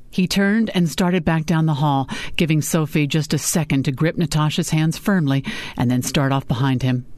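Brief: female audiobook narrator, even storytelling tone, dry close mic. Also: sits low, moderate pace, no room sound. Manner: steady storytelling. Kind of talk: scripted narration.

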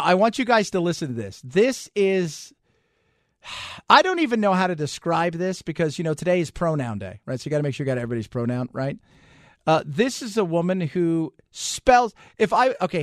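A fired-up male radio host rants with sarcasm. His pitch leaps all over and sits a little high. The studio sound is dry and close. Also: animated, brisk, no echo. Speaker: radio talk show host. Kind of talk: talk radio banter.

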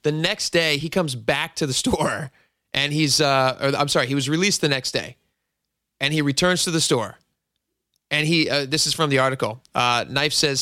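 Jokey, bright-voiced male radio host. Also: medium pitch, moderate pace, no room sound, studio quality. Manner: jokey, self-mocking, chatty. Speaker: radio talk show host. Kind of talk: casual talk radio.

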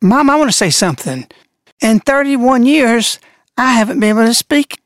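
A radio host voicing an eager little boy who asks his mother to let him speak, in a raised, quick voice. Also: mid-range voice, animated, no room sound, clean studio sound, voice pushed up, close to an everyday voice.

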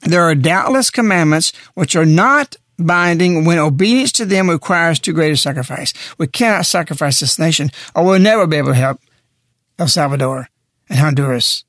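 A man's voice: on the high side, expressive, normal speed, no echo, studio quality. A man speaking on a radio talk show in an impassioned, preaching way, pressing his points hard. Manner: forceful, preaching, emphatic.

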